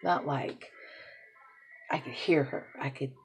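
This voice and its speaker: A young adult woman talking to camera in a rambling personal monologue, emotional and swearing freely, swinging between quiet confiding and loud ranting. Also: rumbling low, takes it slowly, slight background noise. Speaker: vlogger.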